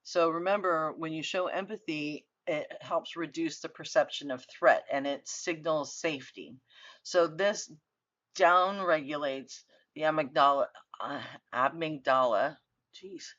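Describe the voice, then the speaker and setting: A woman's voice: sits low, a bit bright, no room sound. Woman lecturer, middle-aged, earnest conversational delivery, dry dull recording. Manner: conversational, earnest, with frequent fillers and restarts. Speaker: university lecturer.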